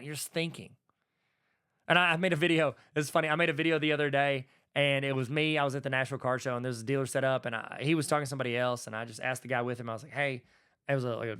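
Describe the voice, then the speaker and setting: A man's voice: mid-range voice, fairly bright tone, clear, resonant tone. A man hosting a solo podcast, talking in a folksy, conversational way and acting out bits of dialogue. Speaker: podcast host and educator. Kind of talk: casual solo podcast talk.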